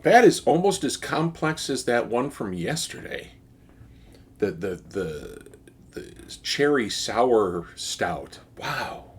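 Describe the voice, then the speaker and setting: Guy reviewing a beer on his vlog, kinda husky voice, lots of uhs and restarts. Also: medium pitch. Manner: enthusiastic, with frequent fillers and restarts. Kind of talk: casual tasting review.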